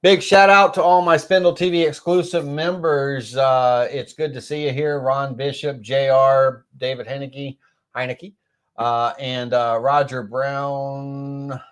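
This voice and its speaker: Middle-aged man, slight cold, live stream woodworking tutorial, rambling, lots of ums, mid pitch. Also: steady tone, unhurried, smooth. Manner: rambling, filler-heavy, self-correcting. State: has a cold, occasional coughs.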